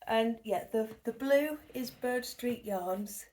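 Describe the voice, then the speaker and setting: A woman's voice: fairly high pitch, animated, unhurried, hardly any pauses, darkish tone, slight background noise. A woman hosting a knitting podcast from her living room at home, in a chatty, rambling show-and-tell that often drops to a near whisper. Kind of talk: casual show-and-tell chat.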